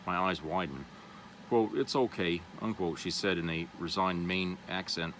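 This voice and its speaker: A man's voice: low voice, fairly even intonation, moderate pace, fairly bright tone, slight background noise, rough recording. A man vlogger reads an article aloud, then comments casually and loosely, with many fillers. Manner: loose and rambling, with many "you know" fillers.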